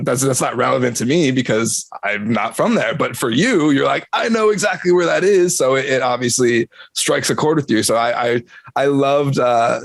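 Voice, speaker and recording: A man's voice: mid-range voice, creaky, a bit bright, no echo. Easygoing man on a dry mic. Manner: easygoing, rambling, fillers and restarts. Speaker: podcast host. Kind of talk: casual pop-culture review chat.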